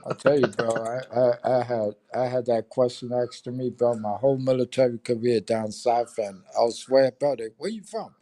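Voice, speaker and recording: A man's voice: medium pitch, flat delivery, normal speed, few pauses, mellow, dry recording. An older man from New York with a New York accent, telling stories in casual profane chat on a livestream. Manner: profane, storytelling, street talk. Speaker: livestream co-host.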